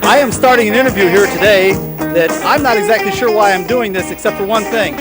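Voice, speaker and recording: Fast-talking, teasing high-voiced man host. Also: over loud music. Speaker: show host interviewing car enthusiasts. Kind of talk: joking on-location interview. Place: outdoor car show.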